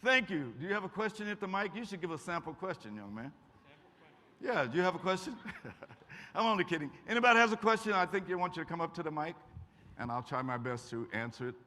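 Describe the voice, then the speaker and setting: In an echoey college auditorium, an older Eastern Kentucky man delivers a folksy, humorous guest talk and takes questions from the audience. He speaks fast in a high, bright, forceful voice with lively intonation.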